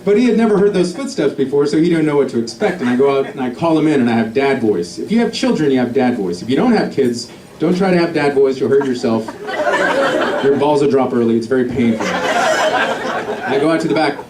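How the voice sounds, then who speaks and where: A middle-aged man performing a stand-up comedy set, telling a story and acting out quotes with sudden loud shifts. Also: medium pitch, expressive, fairly quick, distant mic, heavy background noise. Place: comedy club stage with a laughing audience. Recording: echoey live club audio with crowd laughter.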